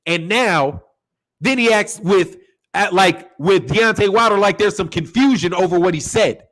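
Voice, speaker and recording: High-voiced man ranting about boxing. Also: measured pace, rough recording. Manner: animated, acts out quoted voices, curses freely. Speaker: boxing channel host. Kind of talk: casual opinion commentary.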